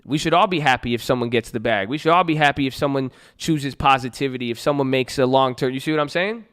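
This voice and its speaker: Dude with a smooth clear voice giving a chill motivational talk to traders, reads a bible story then riffs with slang. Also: male voice, mid-range voice, fast talker, a bit bright. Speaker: trading group host. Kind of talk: motivational talk with scripture reading.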